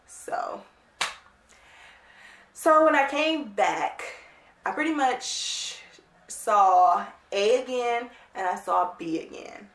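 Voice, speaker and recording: A woman vlogger telling a casual storytime, animated, blunt and emphatic. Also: mid-range voice, slow, long pauses. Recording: roomy, distant mic.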